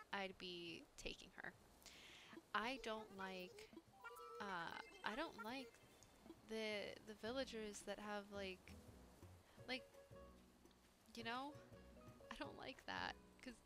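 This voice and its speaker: Slow, chatty young woman gaming host. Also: on the high side. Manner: chatty, giggly, talks to viewers. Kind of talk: casual gameplay commentary. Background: background game music.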